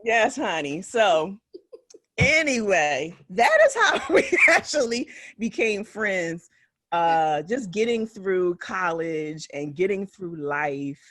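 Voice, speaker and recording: Speaking slowly in a lowish voice with no room sound, a woman in her forties co-hosts a casual podcast. She's a physician from West Philadelphia. She tells stories with plenty of laughs, animatedly acting out what people said.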